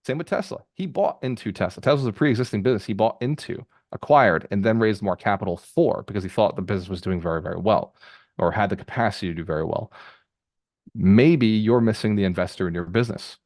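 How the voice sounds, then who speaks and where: A lower-pitched man talks fast and energetically, coaching a group call like a motivational mentor. He piles up repeated phrases as he drives his points home. The sound is dry and close to the mic. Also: no room sound. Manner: energetic, conversational, rapid-fire with repeated phrases. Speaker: real estate mentor hosting a group call. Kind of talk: motivational talk to a live call.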